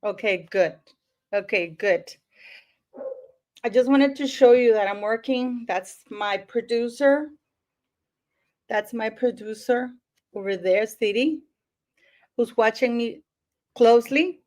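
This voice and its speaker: A woman's voice: on the high side, slow pace, long pauses, a little mellow. A woman hosting a casual livestream, chatting with viewers and greeting them by where they are watching from, with lots of fillers. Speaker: livestream host.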